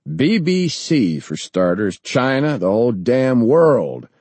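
A defiant general, as a male narrator plays him barks short, blunt orders. The voice is dark and husky, recorded close and dry. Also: fairly low pitch, sing-song, moderate pace, dry recording. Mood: curt. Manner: blunt, curt, commanding.

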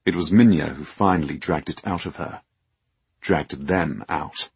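Deep husky male audiobook narrator. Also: no room sound. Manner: measured, dramatic. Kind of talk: scripted narration.

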